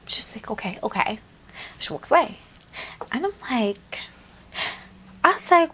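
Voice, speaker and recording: A young woman in her twenties telling a storytime vlog in a casual, profane, animated way, acting out both sides of the conversations. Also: medium pitch, unhurried, long pauses, slight background noise. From Latina. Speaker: beauty vlogger.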